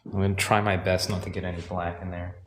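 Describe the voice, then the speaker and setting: Low-voiced man teaching a painting demo. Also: fast talker, a little hiss or hum. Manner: relaxed, thinking aloud while painting, self-correcting. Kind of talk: live painting demonstration.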